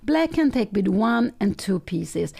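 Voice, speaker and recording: Gravelly-voiced woman commentating chess. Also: mid-range voice, very animated, a little slow, mellow. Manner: analytical, thinking aloud with frequent self-corrections; non-native English phrasing. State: slightly rough early-morning voice, clearing throat.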